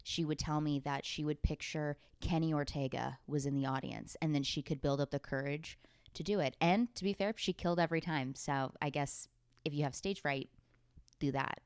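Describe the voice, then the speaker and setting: A young woman chats through her podcast from a beanbag at home, loose and joking. She teases herself and swears freely. Her voice sits a little low and sounds close and dry, with no room around it. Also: moderate pace, darkish tone, clean tone, no echo. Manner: playful, self-mocking, swears casually. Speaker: podcast host. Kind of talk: casual chat.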